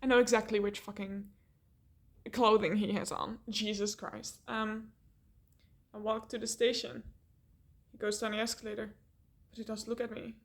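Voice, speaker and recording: A young woman telling a rambling, animated story in a casual vlog, laughing often and swearing. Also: mid-range voice, moderate pace, pauses often.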